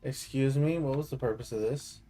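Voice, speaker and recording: A man's voice: medium pitch, moderate pace, dark tone, slight background noise. A young man casually commenting on his gameplay, sarcastically taunting the game's creatures. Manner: sarcastic, mock-theatrical taunting of game characters. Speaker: gaming streamer.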